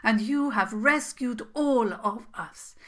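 Woman playing a gentle gracious queen. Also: a little high, takes it slowly, voice pushed up. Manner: gentle and kind. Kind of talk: storybook reading.

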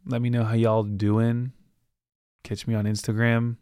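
A man's voice: medium pitch, flat delivery, dark tone, smooth, no echo, studio quality. A man hosting a podcast, casually recapping a book in a rambling way and briefly acting out characters' lines. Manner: rambling, acts out characters with quick voices. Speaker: podcast host.

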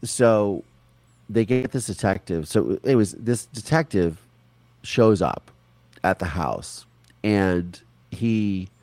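A man in his forties, an interview guest, telling a personal story in a casual, animated way, acting out other people's lines. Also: low voice, slow, no echo. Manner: animated, quotes people in put-on voices, swears.

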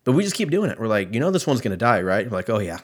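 A man's voice: lowish voice, big pitch swings, very fast. A young man hosting a solo podcast, rambling in a profane, self-mocking way as he talks. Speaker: podcast host. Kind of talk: casual solo podcast rant.

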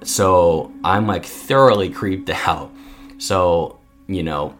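Low-voiced man telling a story. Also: takes it slowly. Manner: animated storyteller acting out quotes, many fillers. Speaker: podcast co-host. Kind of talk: casual storytelling.

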